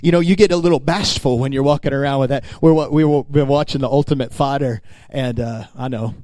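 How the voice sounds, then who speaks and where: A man's voice: mid-range voice, fairly even intonation, fast talker, darkish tone, no echo. A male pastor preaching a sermon in an emphatic, conversational way, speaking straight to his congregation.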